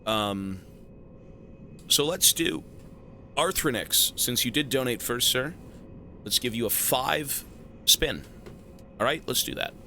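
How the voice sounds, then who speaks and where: A male streamer riffs with his chat, cursing and teasing as he thanks donors. His voice is strikingly bright and edged. His pitch swings up and down constantly as he talks. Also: slow, long pauses, slight background noise. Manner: animated, profane, joking banter with chat.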